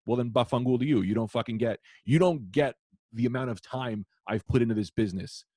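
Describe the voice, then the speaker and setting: A man, a comedian guest, telling heckler stories in casual podcast chat, profane and animated. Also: medium pitch, fairly quick, dry recording, studio quality. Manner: profane, animated, acts out shouted quotes.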